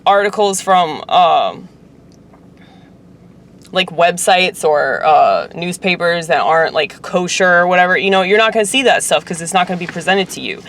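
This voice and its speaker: A woman's voice: on the low side, expressive, moderate pace, fairly bright tone. A woman vlogger talking casually to her viewers, rambling and swearing, with lots of fillers. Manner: rambling, profane, filler-heavy. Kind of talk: casual rambling monologue to camera.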